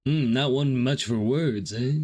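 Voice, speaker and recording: A man's voice: medium pitch, unhurried, mellow. A man playing a tabletop game, trading playful in-character banter with frequent laughs. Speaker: player.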